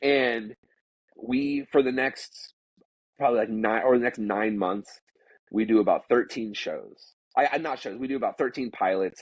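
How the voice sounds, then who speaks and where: A man with a low, slightly husky voice tells a story from his working life in an easy, conversational way. He rambles, fills his sentences with "like," and restarts his thoughts often. The recording sounds dull and lo-fi, with a dry, close sound. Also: darkish tone, no room sound. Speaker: podcast guest telling a work story. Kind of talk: casual storytelling.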